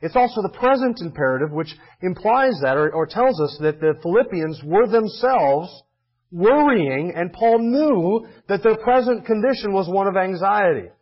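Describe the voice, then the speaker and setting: A man's voice: sits high, lively intonation, moderate pace, muffled recording. A man preaching a sermon, emphatic and full of rhetorical questions. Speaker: pastor.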